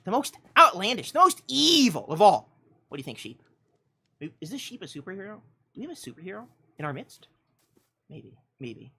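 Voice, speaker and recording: A woman on a game livestream spins a mock-epic tale, lurching from loud, grand declarations to low, hushed asides and laughing along the way. Her voice sits fairly low but sounds bright and sharp. Her pitch leaps all over the place. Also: breathy edge. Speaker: streamer.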